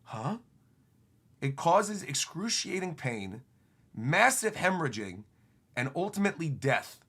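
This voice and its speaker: A man's voice: a little high, big pitch swings, a little slow, pushed and bright, slightly rough, voice pushed down, heavily acted. A man doing a cold, menacing pirate messenger.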